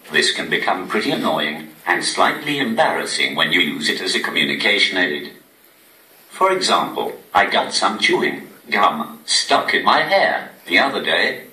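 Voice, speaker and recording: A man doing stand-up comedy through a text-to-speech device, with a posh synthetic voice and deadpan delivery. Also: sits low. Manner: deadpan, evenly paced machine delivery. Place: cinema venue on stage before a laughing audience. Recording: echoey room, distant mic, loud noise.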